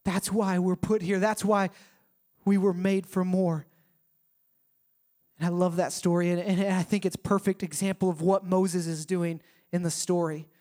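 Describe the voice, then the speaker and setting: A young male pastor delivers a sermon in a high voice. He tells the story in a casual, lively way and slips quotes into it. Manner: conversational, animated storytelling with acted quotes.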